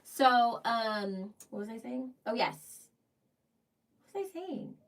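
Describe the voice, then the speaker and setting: A woman's voice: a little high, sing-song, slow pace, recorded from a distance, rough recording. A woman co-hosting a casual live-stream show, telling stories in a chatty, giggly way. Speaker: co-host of a live cruise show.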